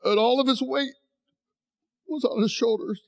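A man's voice: very high voice, moderate pace, gravelly. A middle-aged man preaching a sermon, telling stories animatedly and acting out voices while straining on an injured leg. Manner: animated storytelling, acts out voices. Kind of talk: sermon with live demonstration.

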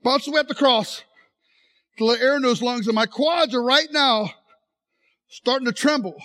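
Very high-pitched and speaking at normal speed, this middle-aged preacher tells stories with animation, voicing the characters himself. His sermon includes a live demonstration as he strains on an injured leg.

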